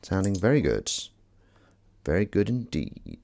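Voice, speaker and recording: A man's voice: deep voice, lively intonation, takes it slowly, creaky, dark tone. A man live-streaming, chatting casually and rambling to himself and his viewers with self-mocking asides.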